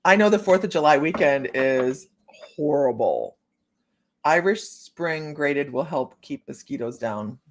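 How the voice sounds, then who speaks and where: With a deep, expressive voice and an unhurried pace, this Ohio woman reads cards on her psychic livestream. She chats casually with viewers, calling them by name, and laughs frequently.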